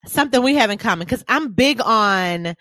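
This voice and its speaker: High, lively woman co-host. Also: moderate pace, dry recording, studio quality. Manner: expressive, hypes people up with loud mimicry. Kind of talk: casual chat.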